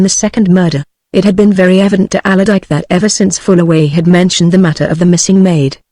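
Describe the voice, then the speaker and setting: A text-to-speech voice of a woman with a British English accent, reading a novel aloud in an even, steady way. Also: fairly low pitch, no echo, clean studio sound. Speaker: audiobook narrator. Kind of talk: synthetic audiobook reading.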